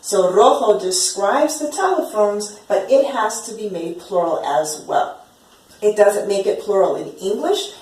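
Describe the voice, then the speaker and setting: A woman teaching a lesson at a whiteboard, upbeat and encouraging, slowly repeating words to drill them. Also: medium pitch, a little mellow. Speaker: Spanish teacher. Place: classroom with a whiteboard. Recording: echoey room, voice from a distance.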